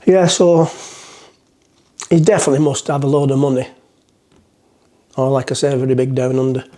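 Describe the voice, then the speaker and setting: A man's voice: mid-range voice, level tone, moderate pace, warm tone. A man rambling through a casual cooking vlog in his home kitchen, jokey and chatty as he cooks. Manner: rambling, jokey, talks to himself while cooking. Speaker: cooking vlogger.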